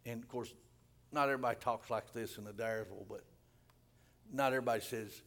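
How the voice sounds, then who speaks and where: Gravelly preacher man. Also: mid-range voice, a little fast. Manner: repeats words, rises to loud emphatic peaks. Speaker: pastor. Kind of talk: sermon.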